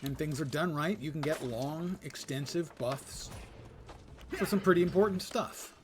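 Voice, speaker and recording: A man's voice: fairly high pitch, measured pace, background noise. A man giving casual, joking commentary while playing a game live, thinking aloud in a wry way. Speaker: game streamer.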